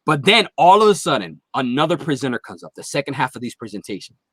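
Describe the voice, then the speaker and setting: A man's voice: medium pitch, very animated, fast talker, background noise. A man guest on a podcast, telling a long, profanity-heavy story in casual chat. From Philadelphia area.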